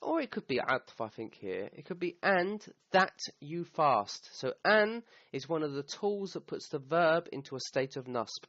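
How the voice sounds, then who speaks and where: A man's voice: fairly high pitch, big pitch swings, a little slow, hardly any pauses, fairly bright tone, no room sound. A man gives a recorded grammar lesson, walking through each point and checking in with "okay?" as he goes. The sound is a bit dull and dry, with no room around it. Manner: explanatory, checks in with "okay?", quotes Arabic verses. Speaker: Quran teacher.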